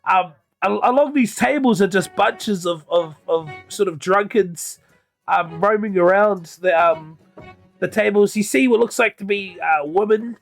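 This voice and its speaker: A man's voice: sits high, a little slow, gravelly, faint music behind. A man narrating a tabletop game as game master, hesitant, with many ums and restarts.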